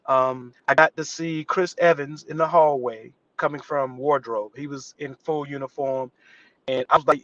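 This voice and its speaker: An actor appearing as a guest on a live interview show, a man tells an animated story and shifts his voice to act out the people in it. His pitch is fairly high and pace a little fast, with lo-fi sound and no room sound.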